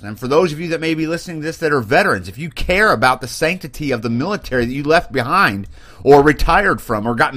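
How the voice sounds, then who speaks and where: A man's voice: medium pitch, sharp tone. A man, an Army sergeant, hosting an opinion podcast and ranting bluntly and mockingly, getting worked up, recorded on a computer microphone. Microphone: webcam and computer mic.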